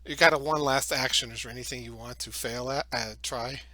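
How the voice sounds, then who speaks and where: A man's voice: medium pitch, steady tone, fairly quick, bright, forceful tone. A man narrating as game master of a tabletop game, in a loose, chatty way with fillers.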